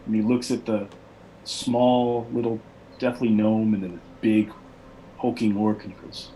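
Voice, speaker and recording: Rambling male game master, low voice. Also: flat delivery, unhurried, mellow, slight background noise, poor audio. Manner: rambling, many fillers and restarts. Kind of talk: narrating a tabletop game.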